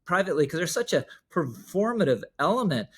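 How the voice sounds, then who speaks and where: A man's voice: high voice, very animated, fairly quick, breathy edge. A man delivering political opinion commentary in a wry, emphatic way.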